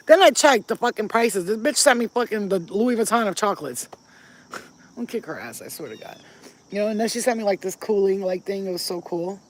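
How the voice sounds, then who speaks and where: A woman's voice: mid-range voice, lively intonation, a little fast, a little hiss or hum, rough recording. Healer lady chatting to her viewers out in her yard, blunt, swears a lot, emphatic. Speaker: spiritual healer vlogger. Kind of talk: casual chat to camera. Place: outdoors in a yard.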